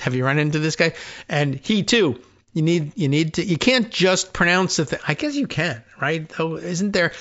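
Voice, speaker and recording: A man's voice: fairly high pitch, a bit bright. A man hosting a talk radio show, rambling through a sardonic, digressive monologue. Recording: muffled lo-fi sound.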